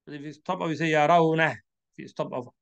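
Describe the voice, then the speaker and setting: A man with a Somali accent teaching Quran reading, slowly spelling out letters and drawing out each syllable as he repeats it. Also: on the high side, creaky, fairly bright tone, highs cut off. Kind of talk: slow classroom instruction.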